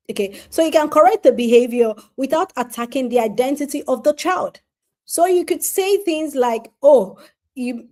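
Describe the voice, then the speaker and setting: A woman giving an earnest parenting advice talk, speaking straight to parents and repeating key points for emphasis. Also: high voice. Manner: addresses parents directly.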